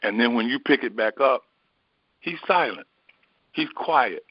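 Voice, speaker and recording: A man giving a slow, reflective spiritual teaching, pausing often and filling gaps with small hesitations. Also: medium pitch, expressive, slightly rough, no room sound, muffled recording. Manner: slow, reflective, with many pauses and fillers. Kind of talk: sermon.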